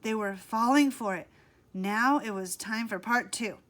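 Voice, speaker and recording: A woman narrating a children's book aloud in a slow, expressive read-aloud manner. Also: on the high side. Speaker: audiobook reader. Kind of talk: storybook narration.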